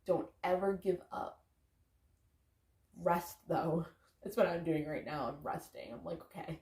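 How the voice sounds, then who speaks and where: A woman's voice: fairly low pitch, creaky, warm tone, echoey room. A woman giving loose, candid motivational talk to her viewers, casually swearing and saying "like" a lot. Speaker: vlogger, parent.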